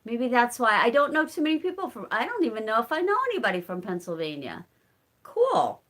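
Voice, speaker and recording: A woman's voice: fairly high pitch, very animated, a little fast, a bit bright. A woman with a Southern Illinois accent hosting a casual live-stream chat, answering viewers by name and laughing often. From Southern Illinois, rural community. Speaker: channel host reading live chat.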